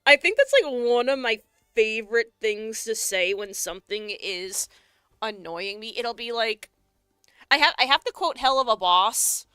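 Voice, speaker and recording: A woman's voice: on the high side, measured pace, bright, forceful tone, clean tone, no echo. A young woman streaming as she crafts, chatting casually, swearing cheerfully and laughing often as she answers her chat. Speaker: live streamer and tabletop game master.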